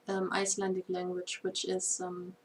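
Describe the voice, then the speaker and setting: Woman, German accent, chatty livestream host, laughs often, faint rumble behind. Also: completely flat delivery, moderate pace. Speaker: band member co-hosting a livestream. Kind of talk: casual livestream chat.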